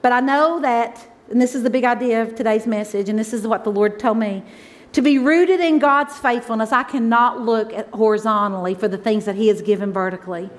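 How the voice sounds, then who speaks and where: Woman, 50s, pastor's wife, high bright voice, chatty emotional sermon delivery. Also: brisk. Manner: emotional, conversational preaching, swings from loud exclaims to soft asides.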